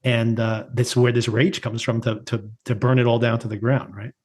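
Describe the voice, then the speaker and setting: A man's voice: mid-range voice, little pitch movement, moderate pace. Laughing man recapping a show. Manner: laughs often while retelling scenes. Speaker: podcast co-host. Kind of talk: casual chat reviewing a TV episode.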